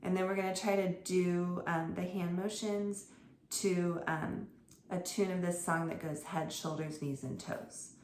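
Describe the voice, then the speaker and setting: A woman's voice: fairly low pitch, fairly even intonation, unhurried, darkish tone, slight background noise. A woman homeschool tutor talking through her lesson plans for other teachers in a chatty, informal way. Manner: chatty, informal, with fillers and self-corrections. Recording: roomy echo with faint ambience.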